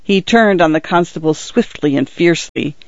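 A man reads a story in a measured, steady way. His voice sits a little high. The recording is dry and slightly dull. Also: dry recording. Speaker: narrator. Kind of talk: scripted audiobook narration. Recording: dry, somewhat muffled recording.

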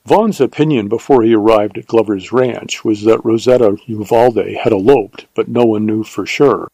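A man narrating a western novel as an audiobook, in a measured, steady way. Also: on the low side, vocal fry, slightly rough, dry recording, rough recording.

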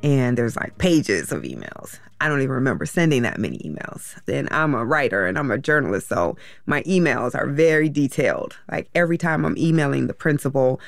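A middle-aged woman telling a painful personal story as an interview guest, reflective and halting, with many fillers. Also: a bass voice, vocal fry, no room sound, clean studio sound.

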